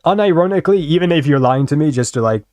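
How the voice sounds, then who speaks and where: A man's voice: fairly high pitch, lively intonation, quick pace, darkish tone, no room sound. A young man casually rambling and swearing while commenting on videos as a streamer. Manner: rambling, swears freely, self-deprecating.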